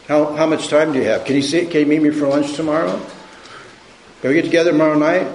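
A man preaching a sermon in a conversational, halting way, often restarting and repeating his words. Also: a little high, fairly even intonation, a little mellow, roomy sound, slight background noise, poor audio. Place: church sanctuary.

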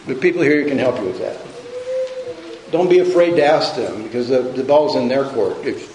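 A man preaching a sermon in a conversational, halting way, often restarting and repeating his words. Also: mid-range voice, wildly swooping pitch, a little mellow, reverberant, slight background noise, poor audio. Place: church sanctuary.

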